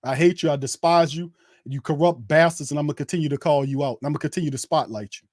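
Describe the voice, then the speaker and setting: A fired-up man calls a game as a fan host, ranting hotly with repeated words and stumbles. His voice sits a touch high for a man and comes through dry and close to the mic. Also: fast, a little mellow, dry recording. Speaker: host of a fan watch party. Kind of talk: live fan play-by-play commentary.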